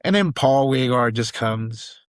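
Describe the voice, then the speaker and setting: A young man from Southern California, a guest actor and comedian telling a story on a podcast in a casual, profane, animated way. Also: mid-range voice, a little slow, no room sound. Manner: animated, profane, acts out quoted lines.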